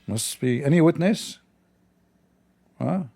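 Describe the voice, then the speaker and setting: Male livestream host, gravelly and dark, sarcastic and mocking, non-native English delivery. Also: a little high, lively intonation, takes it slowly, soft background music. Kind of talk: livestreamed commentary.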